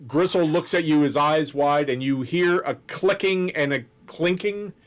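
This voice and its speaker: A man running a tabletop game as game master. His voice is fairly high for a man, and he lays out each scene slowly and deliberately. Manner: deliberate, descriptive.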